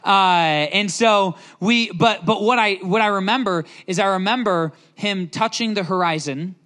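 A man's voice: sits high, unhurried, pushed and bright. A young man preaching as a youth pastor, telling a personal story earnestly and emotionally, with many restarts. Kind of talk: sermon.

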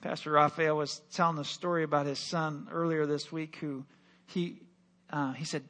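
High-voiced man preaching with fervor. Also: little pitch movement, normal speed. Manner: impassioned storytelling, swings from loud to hushed. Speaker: pastor. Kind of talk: sermon. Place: church.

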